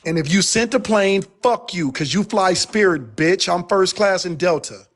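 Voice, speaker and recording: A man's voice: high voice, normal speed. A man, a guest on a live stream, ranting in a profane, emphatic and rambling way after he has been drinking. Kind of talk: heated casual rant.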